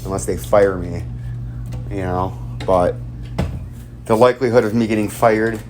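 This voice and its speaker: A man's voice: fairly low pitch, fairly even intonation, unhurried, background noise. Foul-mouthed ranting man. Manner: profane, rambling, ranting. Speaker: crypto vlog host. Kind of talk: casual rambling vlog commentary.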